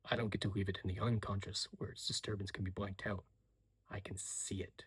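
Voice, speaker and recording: Man doing a tormented, intense young man; whispered role-play, breathy and low. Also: little pitch movement, brisk. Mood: ominous. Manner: hushed, low and tense.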